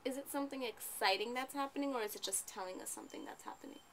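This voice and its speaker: Tutor type, young adult woman, patient questioning delivery, slight fry, faint hiss behind. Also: a little high, huge pitch swings, quick pace, a bit bright. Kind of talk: one-on-one reading lesson.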